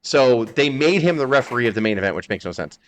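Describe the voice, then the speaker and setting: A man's voice: medium pitch, animated, quick pace. A man hosting a wrestling podcast, recounting events in a heated, profane way. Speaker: podcast host. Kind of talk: casual chat.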